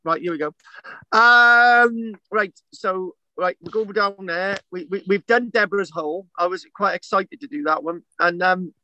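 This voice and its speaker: A man's voice: sits high, a little slow, pushed and bright, muffled recording. A man from Wales teaching an online archaeology class over a video call, rambling and interrupting himself with jokes. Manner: rambling, self-interrupting, jokey. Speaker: archaeology tutor. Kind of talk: online lecture. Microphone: video call mic.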